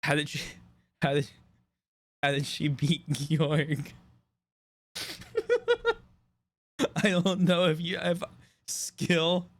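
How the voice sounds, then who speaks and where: Slow, teasing stream co-commentator. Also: medium pitch, flat delivery. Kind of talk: casual live-stream banter.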